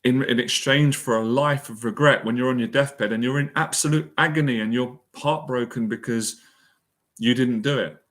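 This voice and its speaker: A man's voice: medium pitch, fairly even intonation, moderate pace, a bit bright. A man giving a motivational talk as an anxiety and confidence mentor, earnest and emotional, repeating phrases for emphasis. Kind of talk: motivational monologue.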